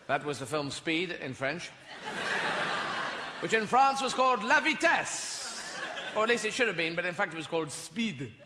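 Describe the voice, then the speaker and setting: A man's voice: high-pitched, very animated, moderate pace. An English man doing live stand-up comedy on stage, rambling animatedly and jumping in and out of voices. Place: theatre stage, live audience. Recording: echoey hall, noisy live room.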